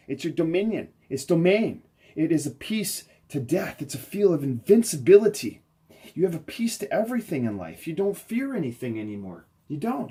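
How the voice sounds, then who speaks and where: A man, a spiritual healer, giving an inspirational talk, effusive and swinging from soft murmurs to loud, soaring emphasis. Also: on the high side, slightly rough.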